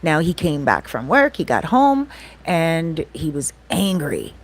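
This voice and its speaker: Chatty woman vlogger, lowish voice. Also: big pitch swings, slow pace, husky. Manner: chatty, often asks "right?" and says "like". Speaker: vlogger telling a story. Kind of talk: casual storytime chat.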